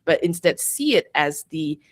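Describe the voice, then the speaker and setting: A young adult woman guesting on a podcast, talking in an open, rambling, reflective way and laughing easily. Her voice sits a little low, and the recording is dry and close with no room sound. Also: big pitch swings, a little slow, no room sound. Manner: chatty and reflective, peppered with "like", laughs often. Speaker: podcast guest, astrologer and coach. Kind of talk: casual interview chat.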